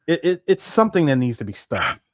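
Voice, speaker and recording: A man co-hosting a casual gaming podcast in an emphatic, animated way. He laughs often and restarts his sentences as he builds his point. His voice sits mid-range, and the recording is close and dry. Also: medium pitch, fast talker, no echo. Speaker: podcast co-host. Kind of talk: casual chat.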